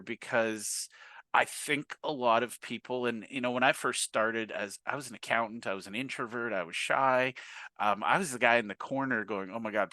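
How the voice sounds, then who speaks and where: A man hosting a podcast interview, telling stories in an animated, excitable way. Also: mid-range voice, no echo. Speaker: podcast host.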